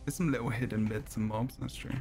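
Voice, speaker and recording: A man's voice: mid-range voice, steady tone, quick pace, gravelly. A man hosting a gaming podcast, easygoing and chatty, laughing often as he talks. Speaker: podcast host. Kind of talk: casual gaming chat. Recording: loud game music behind.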